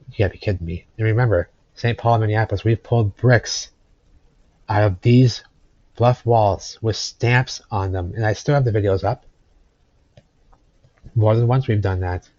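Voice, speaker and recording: A man's voice: darkish tone, no room sound. A man giving rambling, repetitive casual commentary over old photos at home. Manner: rambling, repeats phrases, talks to his cat in a high cooing voice. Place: indoors at home. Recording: dry, slightly dull home recording.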